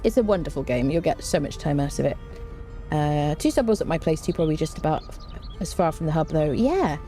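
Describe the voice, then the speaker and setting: A woman streaming a game live, talking through her play in a relaxed, chatty way with plenty of fillers and answering chat. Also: low-pitched. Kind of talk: live gameplay commentary, reading chat.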